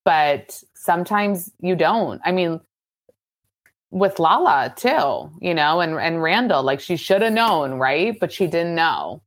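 A woman guest on a podcast, chatting casually and firing off quick questions, full of "like" and "you know". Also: on the low side, expressive. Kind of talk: casual chat.

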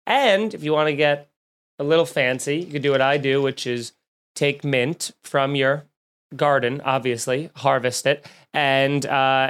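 A man's voice: on the high side, moderate pace, fairly bright tone, smooth. A young man hosting a podcast, chatting casually and telling stories in a rambling, joking way. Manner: rambling, jokey storyteller with many restarts. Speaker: podcast host and comedian. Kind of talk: casual chat.

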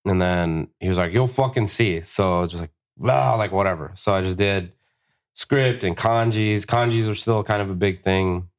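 A man, a tattoo artist and podcast guest, telling stories in a casual, profane, animated way, often acting out what people said. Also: deep voice, moderate pace, clear, resonant tone. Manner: profane, animated, acts out quotes. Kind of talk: casual storytelling.

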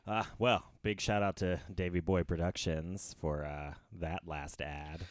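Very low-voiced young man. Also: little pitch movement, a little slow, no room sound, clean studio sound. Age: young adult. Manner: rambling, many fillers and restarts, chuckling often. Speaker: podcast host. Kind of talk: casual podcast chat.

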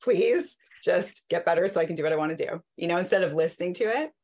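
A woman co-hosting a podcast, animated and open, acting out her own thoughts and swearing casually. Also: lowish voice, quick pace. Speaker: podcast host.

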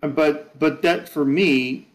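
A man's voice: a little high, fairly even intonation, slow, rough recording. Rambling man in a casual sports chat. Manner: rambling, self-correcting. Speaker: podcast co-host.

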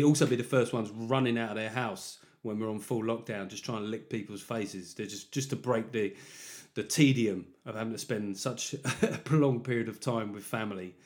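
A man's voice: on the low side, fairly even intonation, brisk, darkish tone. A man hosting a podcast, chatty and self-mocking, delivering a comedic monologue.

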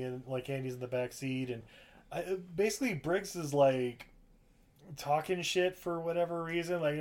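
A man's voice: a little high, moderate pace. A man casually recapping a film on a podcast, rambling and swearing, often acting out the characters' lines. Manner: rambling, profane, acts out quotes. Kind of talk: casual chat.

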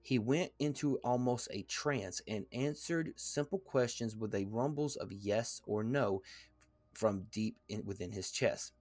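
A man hosting a podcast, reading a text aloud in a halting way, with fillers and stumbles. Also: mid-range voice, a little mellow, dry recording. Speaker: podcast host.

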